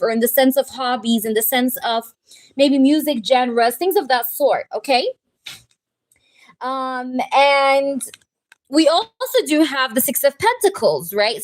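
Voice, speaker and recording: Chatty woman giving tarot readings. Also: high-pitched. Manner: chatty, talks to chat, speaks as the twin flame in first person. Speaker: tarot reader. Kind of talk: live-stream tarot reading.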